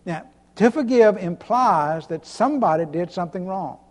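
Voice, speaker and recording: A pastor preaching an emphatic sermon, repeating himself and chuckling between points. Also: male voice, high-pitched, lively intonation, moderate pace. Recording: long hall reverb.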